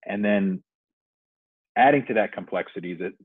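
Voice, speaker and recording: A man's voice: deep voice, normal speed, breathy edge, no echo. A man as a podcast guest, explaining things thoughtfully at length in casual conversation. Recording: dry, phone-like remote audio.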